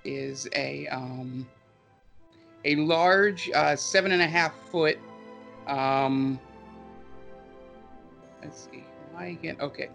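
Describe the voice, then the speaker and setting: A man narrating as game master in a tabletop game, halting often with ums and uhs. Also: a little high, creaky, sharp tone.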